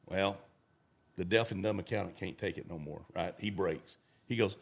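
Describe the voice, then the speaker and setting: A man's voice: fairly low pitch, normal speed, vocal fry. A middle-aged man telling stories in a folksy, casual way, acting out the voices of the people in them. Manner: acts out voices in his stories. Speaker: guest storyteller. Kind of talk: casual storytelling.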